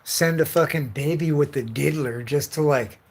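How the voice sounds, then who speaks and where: A man's voice: on the high side, normal speed, slightly rough. A man hosting his own livestream, telling loose run-on stories packed with cursing. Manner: heavy profanity, loose run-on storytelling. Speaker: livestream host. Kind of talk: casual rambling livestream rant.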